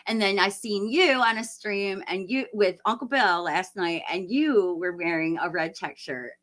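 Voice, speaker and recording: A woman's voice: mid-range voice, a little slow, fairly bright tone. A woman in her late forties chatting casually on a livestream, rambling and laughing often as she answers viewer comments. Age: 40s. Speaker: livestream host.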